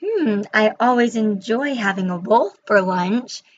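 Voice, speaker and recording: A woman's voice: medium pitch, animated, a little slow, slight background noise, natural voice. A woman doing a gleeful scheming witch. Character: scheming greedy witch hunting piglets. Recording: slightly muffled recording.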